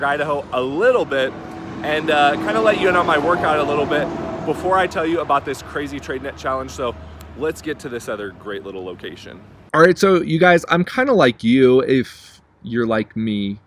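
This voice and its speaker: A man's voice: a little high, a bit bright, slight background noise. Chatty young man vlogging from his car. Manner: chatty, repeats 'you guys' and 'like'. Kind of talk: casual talk to camera. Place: driving in a car.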